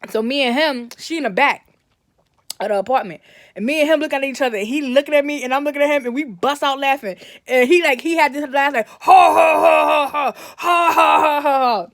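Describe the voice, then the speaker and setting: A woman's voice: high-pitched, fast talker, dry recording, studio quality. Rambling New woman telling a story. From Brooklyn, New York. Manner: rambling, self-correcting, backtracks often; livens up when quoting family. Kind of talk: casual storytime monologue.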